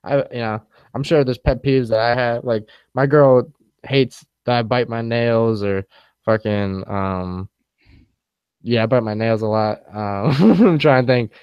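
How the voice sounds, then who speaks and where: Young male co-host, relaxed storyteller, laughs easily; smooth tone on a slightly muffled, lo-fi mic. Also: medium pitch, unhurried, no room sound. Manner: laid-back storyteller, slangy, laughs often. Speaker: podcast co-host. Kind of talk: casual chat.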